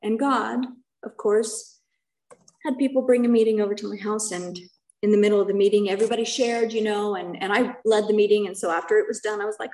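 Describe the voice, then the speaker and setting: A woman's voice: mid-range voice, steady tone, moderate pace, darkish tone, low-quality recording. A middle-aged woman giving a personal testimony at a recovery meeting, earnest and conversational, often checking in with her listeners.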